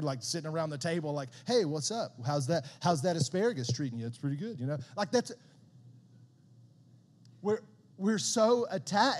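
A man preaching a sermon as a pastor, conversational and animated, often repeating words as he builds a point. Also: high voice, big-room sound.

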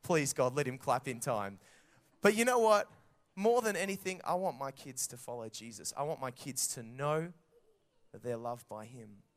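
A man in his thirties with an Australian accent, preaching a sermon and telling stories with lively acted-out quotes. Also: mid-range voice, moderate pace. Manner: animated storytelling with acted-out quotes. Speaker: pastor.

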